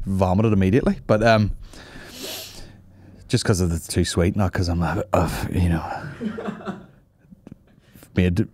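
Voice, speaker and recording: A man hosting a comedy podcast, bantering with animated, profane asides. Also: sits low, dry recording. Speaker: podcast host.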